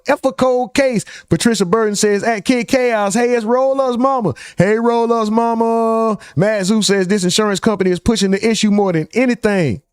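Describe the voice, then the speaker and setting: A man's voice: sits high, darkish tone, smooth, no echo, studio quality. A man hosting a live stream, casually reading out chat comments and joking with viewers. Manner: loose, joking, reads chat names aloud.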